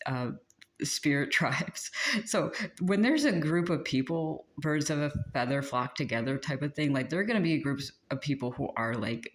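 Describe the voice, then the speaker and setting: Rambling tarot-style pep talk, lots of "like" and little laughs, kinda exasperated, middle pitch. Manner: chatty and rambling, with many fillers and frequent laughs; exasperated and venting. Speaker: spiritual channel host. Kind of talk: casual channeled spiritual pep talk.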